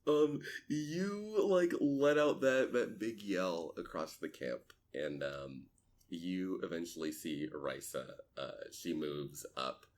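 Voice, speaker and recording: Very deep-voiced man narrating a tabletop game. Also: slow, a little mellow. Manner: rambling, filler-heavy narration. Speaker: game master.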